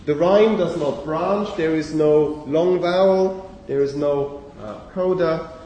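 A man giving a university lecture on phonology in a lecture hall, speaking haltingly with many fillers and self-corrections. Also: a little high, dark tone, slight background noise. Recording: echoey lecture hall from far off.

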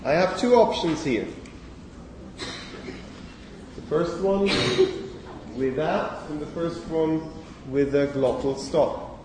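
A man's voice: a little high, slow pace, pauses often, darkish tone, distant mic, slight background noise. Male lecturer in an echoey hall. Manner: explanatory, addresses students with frequent okays. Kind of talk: university phonetics lecture.

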